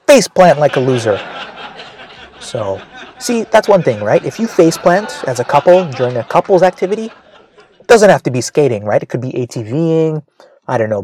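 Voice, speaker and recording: A man's voice: a little high, darkish tone. Rambling male comedian telling a story. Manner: rambling, self-mocking, many "right?" asides.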